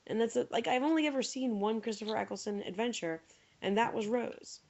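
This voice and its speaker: A young woman co-hosts a podcast, chatting and joking casually and saying "like" a lot. Her voice is fairly high and brisk with a darkish tone, and the podcast audio sounds dull and lo-fi.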